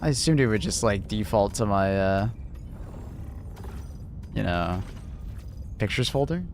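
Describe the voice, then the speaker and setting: A man's voice: lowish voice, lively intonation, measured pace, slight background noise. A man casually chatting with his viewers on a gaming livestream, laughing often and answering chat.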